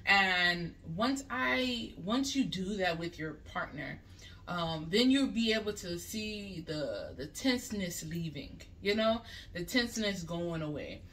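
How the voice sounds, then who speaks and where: A woman's voice: lowish voice, lively intonation, slow pace, a bit bright, slight background noise. A woman vlogger giving relationship advice in a casual, chatty way, often checking in with "you know what I mean" as she talks it through. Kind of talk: casual advice talk to camera. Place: bathroom. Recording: voice a bit far from the mic.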